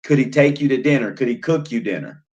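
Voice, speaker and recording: A man's voice: medium pitch, expressive, fast talker, a little mellow, dull audio. A man in his thirties hosting a live stream, chatting loosely over wine and reading out viewer comments, often repeating himself and trailing off with fillers. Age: 30s. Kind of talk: casual chat while drinking wine.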